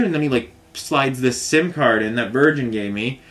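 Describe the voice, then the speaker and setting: A man's voice: mid-range voice, brisk, hardly any pauses, fairly bright tone. A man telling a rambling, frustrated story in a casual monologue, full of fillers like "you know what I mean". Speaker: vlogger recounting a customer complaint.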